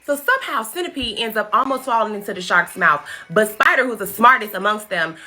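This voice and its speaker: A woman's voice: fairly high pitch, animated, fairly quick, sharp tone. A woman giving a profane, sassy comedic recap of a movie in slang-heavy storytelling. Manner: uses Black American slang.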